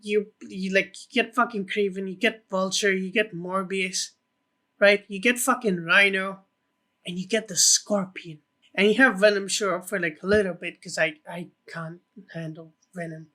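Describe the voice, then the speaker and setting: High, bright-voiced excitable man. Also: normal speed. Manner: excitable, rambling, swears a lot. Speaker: podcast co-host. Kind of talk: casual film podcast chat.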